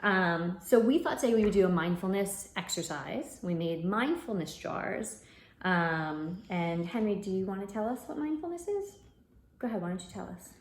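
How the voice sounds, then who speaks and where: A woman's voice: mid-range voice, animated, moderate pace. A woman who is an educator, leading a casual home lesson with children, often prompting them with "right?" and some fillers. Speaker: educator leading a mindfulness activity. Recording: echoey room, faint noise.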